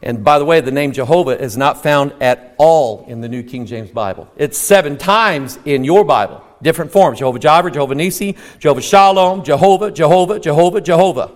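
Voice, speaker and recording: In a big hall with lingering reverb, a man with a high-pitched voice preaches expressively, a little fast and with few pauses. He presses his points through rhetorical questions and abrupt bursts that come close to shouting.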